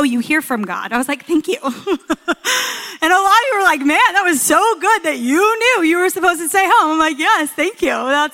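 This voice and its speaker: A woman in her thirties preaches with a high, bright voice that stands out clearly. She tells stories with a lot of expression and pushes her voice up when she wants to stress a point. Her voice rings out with the long reverb of a large hall. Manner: storytelling, expressive, rising for emphasis. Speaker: guest speaker. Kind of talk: sermon.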